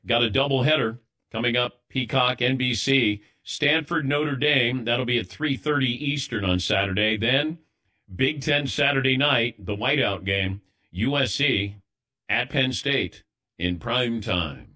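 A middle-aged man hosting a sports radio show in relaxed, conversational banter. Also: medium pitch, a little slow.

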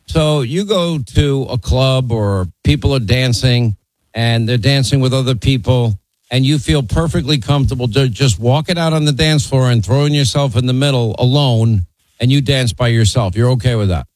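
A man's voice: mid-range voice, normal speed, a little mellow, no echo, poor audio. A man hosting a call-in talk radio show, talking bluntly and conversationally and teasing his callers.

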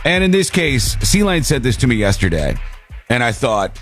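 A man's voice: big pitch swings, moderate pace, no echo, faint music behind. A male show host talking in a playful, jokey way, with a stuffy, congested voice. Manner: playful, jokey, swings pitch widely. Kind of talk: casual comedic show banter.

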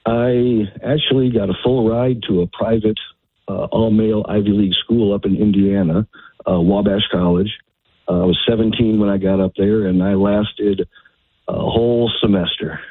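A man in his fifties from Texas, a retired army sergeant calling in to a talk show, speaking haltingly with many fillers. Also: fairly low pitch, steady tone, slightly rough, no echo. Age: 50s. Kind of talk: phone-in conversation. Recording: dry, tinny phone line.

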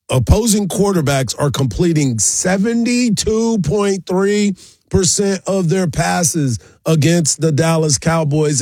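A man's voice: high-pitched, a little mellow, dry recording. A man hosting a morning sports radio show, running through promos and team stats in an upbeat way into a studio mic. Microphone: studio microphone.

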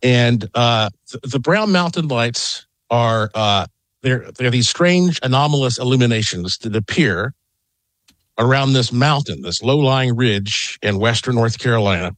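A middle-aged man, a guest on a call-in radio interview, telling an excited, rambling story from his home. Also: medium pitch, measured pace, no room sound. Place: home in Las Vegas.

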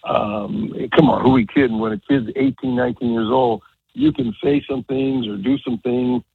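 A man in his seventies, a retired baseball coach, telling stories on a radio show in a rambling, animated way with many restarts. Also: medium pitch, moderate pace, creaky, slightly rough, no room sound. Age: 70s. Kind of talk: casual radio interview. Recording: tinny phone line.

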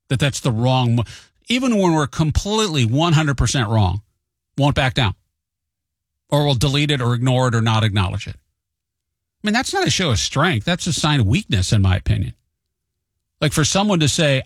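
A man's voice: medium pitch, big pitch swings, moderate pace, dry recording, clean studio sound. A man hosting a talk show, telling stories in a casual monologue and raising his voice to act out the quotes. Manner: chatty storyteller, acts out quotes with a raised voice; admits he tends to be hot-headed.

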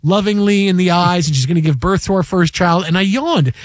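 High-voiced animated sports radio man. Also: fairly quick, no echo, studio quality. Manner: animated storyteller, acts out quotes. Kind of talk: casual sports talk.

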